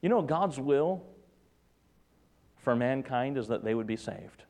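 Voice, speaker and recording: A man preaching a sermon as pastor, swinging between loud emphatic peaks and hushed, tender drops. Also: medium pitch, lively intonation, measured pace, pauses often. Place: church.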